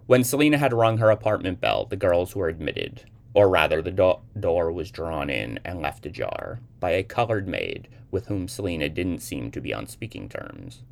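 A man reading a short story aloud as narrator, with lively, expressive delivery. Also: sits low, moderate pace, vocal fry, few pauses.

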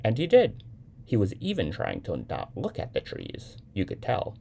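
A man voicing a cool, unbothered young woman on the phone, calm and faintly weary. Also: lowish voice, normal speed, voice pushed up, heavily acted.

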